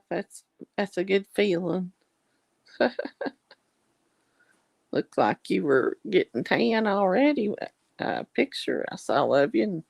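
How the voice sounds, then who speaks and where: A woman's voice: lowish voice, vocal fry, darkish tone, no room sound. A woman, chatting casually on a video call in a folksy, drawling way. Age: 60s. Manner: chatty, folksy, yawning and laughing.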